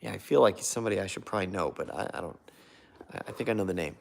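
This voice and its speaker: With a low, gravelly voice and rapid-fire delivery, this livestream host reads viewers' comments aloud and thanks them. He rambles casually and keeps losing track of what he was saying.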